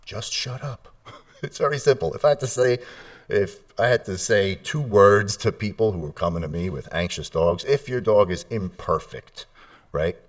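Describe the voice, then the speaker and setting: A man, a dog trainer, talking casually and animatedly in a podcast interview, often acting out owners and dogs in high mock voices. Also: normal speed, distant mic.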